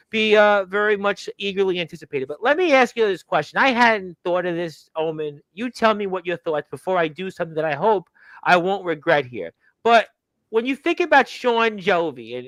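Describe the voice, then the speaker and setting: A man hosts a wrestling talk show and rambles along folksily, stumbling over repeated words. His voice sits unusually high and sounds bright and forceful. The sound is dry and close. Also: dry recording, rough recording. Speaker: radio show host.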